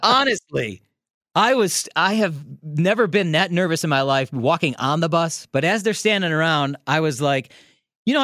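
A man telling a story in a casual, animated way, laughing often and restarting his sentences. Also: a little high, no room sound, clean studio sound. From Milwaukee area, United States. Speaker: radio host telling a story as a podcast guest.

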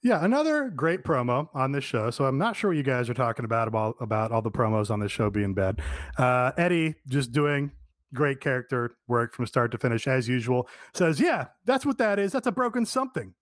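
A man in casual podcast chat who gets excited, swears, and acts out bits. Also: medium pitch, brisk, no room sound, clean studio sound. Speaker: podcast co-host.

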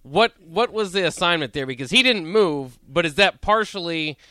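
A man hosting a football talk show, asking halting, curious questions for viewers new to the game. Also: on the high side, expressive, pushed and bright, smooth, dry recording. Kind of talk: casual sports talk.

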